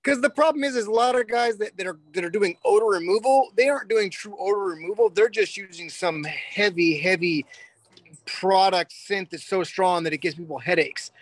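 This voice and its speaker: A man's voice: high-pitched, a bit bright, no echo. Rambling man explaining his trade. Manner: rambling explainer, many fillers. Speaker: car detailer guest. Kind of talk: casual chat.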